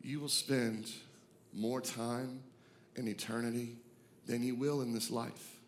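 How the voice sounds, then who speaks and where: A man, preaching a sermon, moving from hushed reflection to loud, excited declarations. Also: medium pitch, slow pace, slight background noise. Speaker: pastor.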